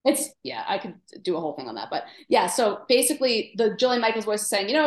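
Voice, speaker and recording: A woman's voice: medium pitch, expressive, quick pace, few pauses, echoey room. A woman nutritionist co-hosting a casual podcast conversation, chatty and full of fillers. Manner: chatty, many fillers, plays inner voices in quotes. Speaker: nutritionist co-host.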